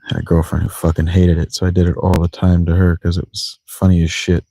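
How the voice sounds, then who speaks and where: Rambling low-voiced man streaming a game. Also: monotone, fast, creaky, dark tone, no room sound. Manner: rambling, joking self-talk with playful mispronunciations. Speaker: let's play streamer. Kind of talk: casual gameplay commentary. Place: in a tent, lying in a sleeping bag.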